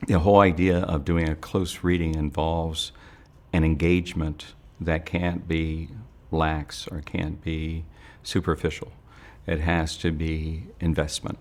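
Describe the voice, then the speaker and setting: A male teacher speaking in a reflective interview, his voice extremely deep. He talks in a flat, even, measured way as he explains what his students did.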